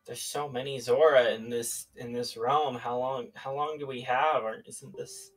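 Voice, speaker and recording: A man's voice: medium pitch, steady tone, normal speed, distant mic, low-quality recording. Rambling, hesitant man a bit off-mic. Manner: rambling, hesitant, lots of fillers. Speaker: player. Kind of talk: casual tabletop play.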